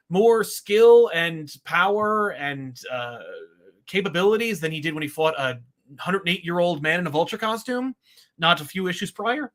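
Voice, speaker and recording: A man's voice: high-pitched, fairly bright tone. A man co-hosting a podcast, reviewing comics in a rambling, wry, exasperated way. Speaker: podcast co-host. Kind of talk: casual comic book review chat.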